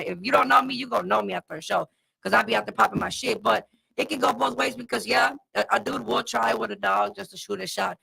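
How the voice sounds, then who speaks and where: A woman on a podcast makes her point with force and swears freely. Her voice is high and bright, with a heavy rasp and lots of gravelly fry. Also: poor audio. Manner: assertive, profane, emphatic. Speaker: podcast guest and dog breeder. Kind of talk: casual chat.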